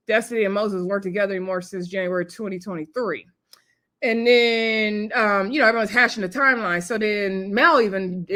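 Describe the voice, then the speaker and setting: A woman's voice: a little high, fairly bright tone. A woman recapping a reality TV episode in casual, chatty commentary, retelling scenes with quoted lines and sassy asides.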